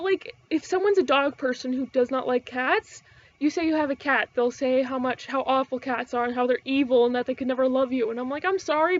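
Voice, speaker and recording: A high-pitched woman rants to her camera in a casual vlog, rambling and indignant, with plenty of swearing and restarts. The sound is dull and lo-fi. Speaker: vlogger.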